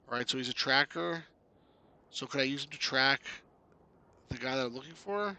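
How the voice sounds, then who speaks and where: A man's voice: mid-range voice, lively intonation, moderate pace, pauses often, sharp tone. A man giving casual, chatty commentary while playing a game, reading the on-screen text aloud and laughing often. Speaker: game reviewer.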